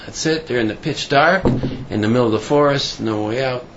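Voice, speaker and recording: A man delivers an informal sermon, telling a parable in a halting way full of fillers and restarts, and he raises his pitch when he acts out the characters. His voice has a gravelly edge. The recording is dull and lo-fi, with a faint hum of noise behind him. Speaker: rabbi giving a talk.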